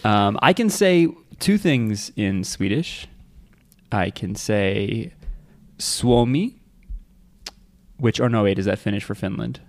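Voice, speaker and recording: Brief: male podcast host, lowish voice, dry self-mocking banter. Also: animated, slow, a little mellow. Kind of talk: casual podcast chat.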